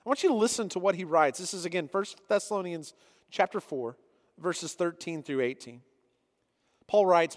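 A pastor with a high-pitched voice delivers a sermon, moving between reading scripture aloud and earnest explanation. His voice carries a long reverb tail, as if the room is large and echoing. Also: normal speed.

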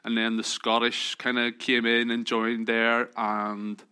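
A man's voice: mid-range voice, completely flat delivery, takes it slowly, bright, forceful tone, smooth. A man with a Northern Irish accent telling chatty, joking anecdotes to a group in a casual, self-deprecating way. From Northern Ireland. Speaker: speaker addressing a group.

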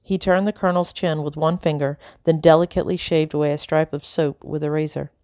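A woman narrating a novel in the first person, measured and unhurried. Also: deep voice, steady tone, mellow, dry recording, clean studio sound. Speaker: audiobook narrator.

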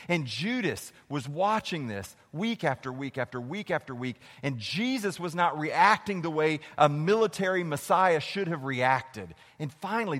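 A man preaching a sermon, acting out the quoted dialogue and swinging from loud, urgent passages to hushed, slow ones. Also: high voice, big-room sound. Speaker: pastor.

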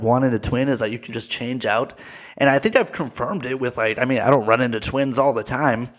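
A man with an American accent hosting a podcast, talking in a casual, rambling monologue full of fillers and offhand swearing. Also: medium pitch. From United States. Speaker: podcast host.

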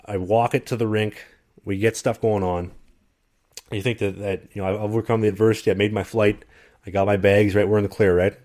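A man with a fairly low voice tells a long story in relaxed, conversational talk. He is animated and lively, and he slips into other people's voices as he quotes them. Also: brisk. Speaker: guest telling a travel story. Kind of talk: casual storytelling.

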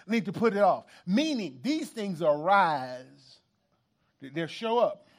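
Male pastor, high voice, animated church sermon with congregation asides. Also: a little slow. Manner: animated, emphatic preaching with repetitions and asides to the congregation.

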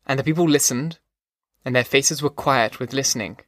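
A man reads literary narration in a measured, rhythmic cadence, at a middle pitch. The recording is dry and close, with no room sound around the voice. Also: fairly bright tone, no echo. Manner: slow, measured, rhythmic reading. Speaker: audiobook narrator.

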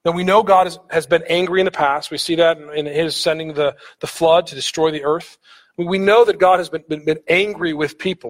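A man with a high, light voice preaches a sermon. He talks earnestly, stumbling over repeated words and lifting his voice when he drives a point home. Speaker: pastor.

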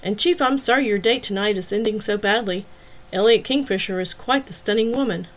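A woman's voice: mid-range voice, fairly quick, close to an everyday voice. A woman voicing a smug male kidnapper who taunts a police chief over the phone in an audiobook. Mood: taunting.

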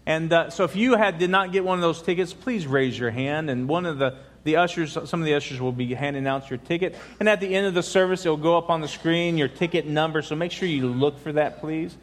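A middle-aged male pastor preaching in a loose, conversational way, often stopping and starting his sentences. His voice sits a little higher than most men's. It rings out with a long reverb through a large church sanctuary. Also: a little fast, hardly any pauses. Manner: informal, rambling, with many restarts. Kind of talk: sermon.

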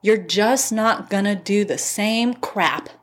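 A woman's voice: mid-range voice, slow. A woman in her thirties hosting a podcast, giving a casual motivational talk and laughing often as she gets fired up. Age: 30s. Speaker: podcast host. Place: at home. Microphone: phone.

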